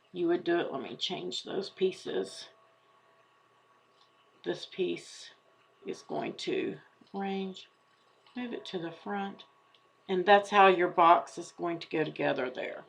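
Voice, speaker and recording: Casual woman host, slightly low voice, talks through each click of a craft tutorial. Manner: chatty, thinking aloud while clicking. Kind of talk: screen-share craft tutorial.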